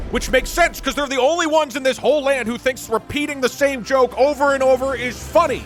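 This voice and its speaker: Brief: lively male game master, high and bouncy voice, playful joking narration. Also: brisk, hardly any pauses, soft background music. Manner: animated, joking, laughs often.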